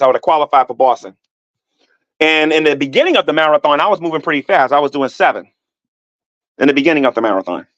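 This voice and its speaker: A middle-aged man ranting on his vlog, animated and defensive, repeating himself and climbing higher when heated. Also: dry recording, highs cut off. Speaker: YouTuber. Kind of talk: rambling vlog rant.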